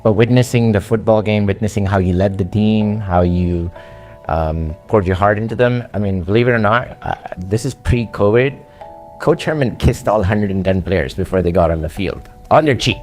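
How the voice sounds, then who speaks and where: A man with an accent telling his story to a coach in an earnest, halting conversational way, with frequent fillers. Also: lowish voice, darkish tone, soft background music. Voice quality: speaks with an accent. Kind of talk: casual conversation.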